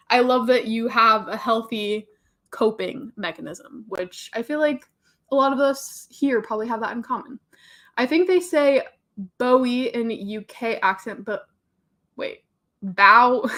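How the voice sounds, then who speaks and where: A young woman in a relaxed live-stream chat, chatting freely as she reads out viewer comments and replies to them. Her voice sits a little high. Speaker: booktube host reading live chat.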